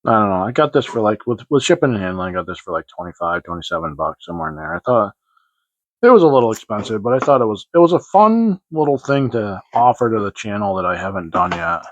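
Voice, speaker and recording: His voice is on the low side, sing-song and quick as this hobby model-kit channel host presents his casual show-and-tell vlog. Rambling and hesitant, he piles on fillers and restarts, recorded in dry, slightly dull lo-fi sound.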